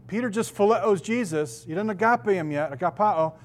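A middle-aged man, a pastor, preaching a sermon with emphatic, drawn-out stresses on key words. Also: high-pitched.

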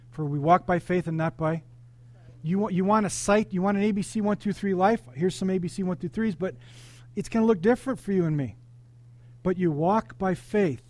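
A male pastor delivering an animated sermon, calling out questions to the congregation and telling personal stories. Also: sits high. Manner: animated, interactive preaching with congregation call-outs.

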